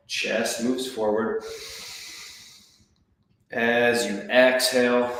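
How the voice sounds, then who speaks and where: A man coaching a breathwork class, calmly counting and giving gentle step-by-step cues. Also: medium pitch. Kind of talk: guided breathwork class instruction. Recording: very echoey room.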